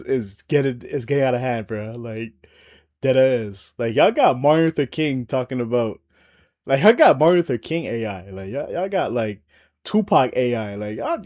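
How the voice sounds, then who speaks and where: A man's voice: mid-range voice, very animated, moderate pace, darkish tone. Laid-back slangy man reacting. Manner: laid-back slang-heavy rambling with lots of "bro". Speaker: reaction video host. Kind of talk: casual chat.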